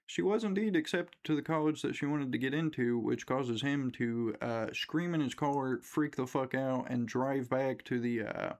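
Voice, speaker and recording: A man's voice: medium pitch, moderate pace, few pauses, darkish tone. A young man giving a rambling, profane casual rant recapping a horror movie, briefly mimicking characters as he goes. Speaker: movie reviewer.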